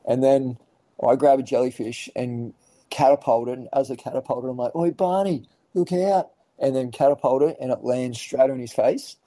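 Aussie bloke yarning on a podcast, really deep mellow voice, swears a lot. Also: male voice, flat delivery, fairly quick, no room sound, low-quality recording. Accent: Australian. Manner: laid-back, swears freely, lots of fillers. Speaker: podcast guest. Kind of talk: casual storytelling.

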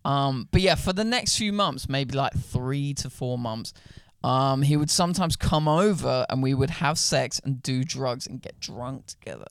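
A man's voice: mid-range voice, a little slow, few pauses, clear, resonant tone, no echo. A young man, hosting a podcast, reading out a story and bantering with crude slang. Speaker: podcast host. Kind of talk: casual chat, reading stories aloud.

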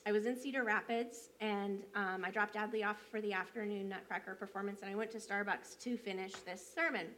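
A woman's voice: medium pitch, fairly even intonation, brisk, few pauses, a bit bright. A woman church elder, preaching a sermon by telling a personal story in a conversational way, with frequent fillers.

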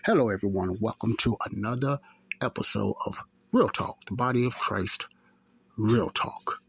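Gravelly fifty-something man rambling. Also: fairly low pitch, moderate pace, no room sound. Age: 50s. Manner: rambling, repetitive storytelling with fillers. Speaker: podcast host. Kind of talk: casual spoken testimony.

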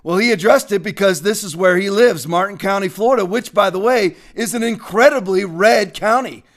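A man's voice: sits high, normal speed. A man hosting a religious and political livestream, speaking fervently and greeting viewers by name. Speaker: livestream host.

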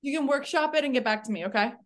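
A young woman hosting a podcast interview, upbeat and asking quick follow-up questions. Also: high voice. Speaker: podcast host. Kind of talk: casual interview.

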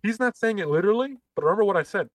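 Animated male podcast co-host. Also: sits high, very fast. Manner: animated storyteller, acts out quotes. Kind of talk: casual political chat.

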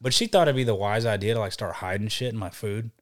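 A young man and podcast guest telling profane, animated stories in casual chat. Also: on the low side, quick pace. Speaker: podcast guest, band vocalist.

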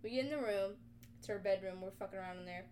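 A young woman co-hosting a podcast, retelling a video game in casual, animated chat full of swearing. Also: mid-range voice, quick pace, a little hiss or hum. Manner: animated, profane storytelling. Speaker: podcast co-host.

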